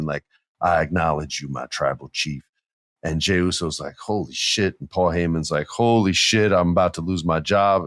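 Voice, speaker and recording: Male podcast co-host, low voice, dry close-mic sound, lively storyteller. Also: no echo. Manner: animated storyteller, acts out wrestlers' lines. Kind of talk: casual wrestling podcast chat.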